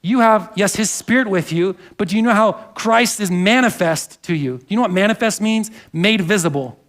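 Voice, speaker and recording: Pastor, male, high-pitched; earnest conversational sermon with congregation asides. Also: normal speed, fairly bright tone. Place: church sanctuary.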